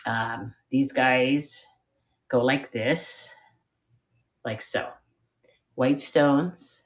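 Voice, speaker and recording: In a muffled recording, a woman with a very deep voice takes her time, keeping her intonation fairly even. She's middle-aged and sells vintage jewelry on a live-stream auction from a spare bedroom, rambling along chattily and joking about herself as she holds up each item.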